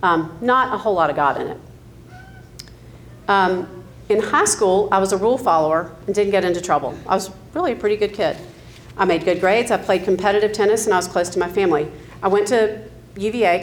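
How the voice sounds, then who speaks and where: A woman's voice: medium pitch, a little hiss or hum. A woman in her fifties from the American South, telling her life story with candid asides, ums and light laughs. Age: 50s. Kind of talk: personal testimony.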